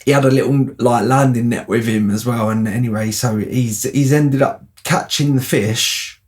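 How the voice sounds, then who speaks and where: A man's voice: medium pitch, normal speed. A man telling a casual, rambling anecdote, often asking "you know what I mean". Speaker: storyteller.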